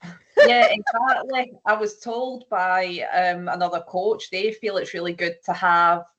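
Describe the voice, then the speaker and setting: An easygoing woman hosts a running podcast and chats with her guest. Her voice sits in a middle pitch. The recording sounds a little dull and lo-fi. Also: steady tone, a little slow, fairly bright tone. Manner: easygoing, agreeing, conversational. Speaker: podcast host. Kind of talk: casual podcast chat.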